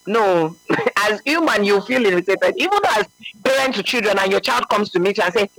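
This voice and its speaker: A man's voice: high-pitched, fairly quick, gravelly, a bit bright, no room sound, rough recording. A man giving a conversational religious talk, earnest and emphatic, often checking that the listener understands. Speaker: religious speaker.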